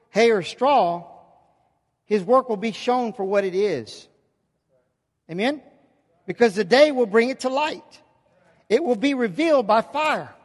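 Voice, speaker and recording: A man's voice: very high-pitched, long reverb tail. A pastor preaching an emphatic sermon in a church, often checking in with his congregation.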